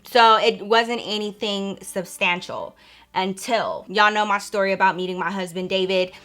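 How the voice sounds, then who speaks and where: Young woman, vlogger, casual storytime, animated, swears, mid-range voice. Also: medium pitch, normal speed. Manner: animated, swears freely, addresses viewers as y'all and girl.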